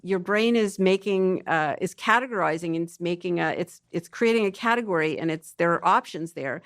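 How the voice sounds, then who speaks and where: A woman scientist guest explaining how emotions work in a relaxed podcast conversation, thinking aloud with restarts and playful asides. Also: lowish voice, normal speed, dry recording, clean studio sound.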